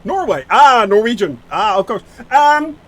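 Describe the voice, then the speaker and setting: High, lively man streaming a flight sim. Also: rough recording. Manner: rambling, self-mocking, answers chat aloud; halting, many fillers and restarts. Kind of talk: live-stream chat while playing.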